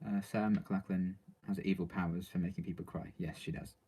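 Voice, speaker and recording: A man's voice: sits low, fairly even intonation, brisk, dark tone, breathy edge. A man reading out viewer questions and answering them in casual, rambling live-stream chat, full of ums and likes.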